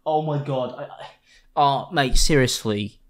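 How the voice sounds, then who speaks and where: A man's voice: mid-range voice, a little slow. A young man hosting a casual reaction video. He exclaims often and swears freely. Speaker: YouTube reaction host.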